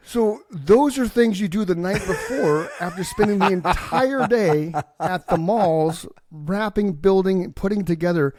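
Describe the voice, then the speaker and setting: A man's voice: high-pitched, measured pace, few pauses, a little mellow, no echo. A man co-hosting a podcast, telling long rambling comic stories full of swearing and acted-out voices. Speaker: podcast co-host. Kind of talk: casual chat.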